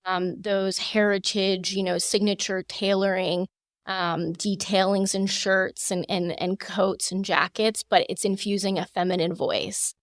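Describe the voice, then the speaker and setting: A woman in her thirties, a fashion designer, answering interview questions in a measured, polished way with frequent fillers, close to the mic. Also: medium pitch, little pitch movement, no echo. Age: 30s. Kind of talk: podcast interview.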